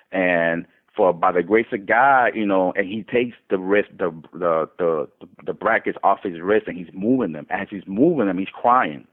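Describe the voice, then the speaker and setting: A man's voice: low voice, normal speed. A man casually telling a faith testimony, often restarting and lifting his voice when quoting others. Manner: animated retelling with many restarts, voice rising when quoting others. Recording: tinny phone-line sound.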